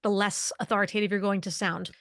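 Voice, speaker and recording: A woman's voice: medium pitch, level tone, fairly bright tone, dry recording. Articulate woman explaining leadership presence. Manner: articulate, explanatory, lists points in quick series. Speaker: guest, leadership communication expert. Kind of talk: podcast interview.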